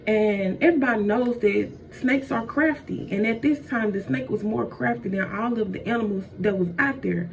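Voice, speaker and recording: Chatty high-voiced woman telling a story. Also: moderate pace, gravelly, few pauses. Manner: slangy, chatty, addresses listeners as y'all. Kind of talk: casual comedic storytelling. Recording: dull, distant, faint noise.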